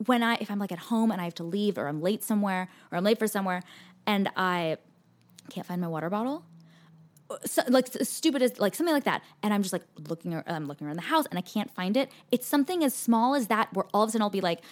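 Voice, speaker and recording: A young adult woman chatting casually as a podcast guest, animated and full of restarts and fillers. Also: mid-range voice, fast. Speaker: podcast guest, actress and author. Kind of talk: casual chat.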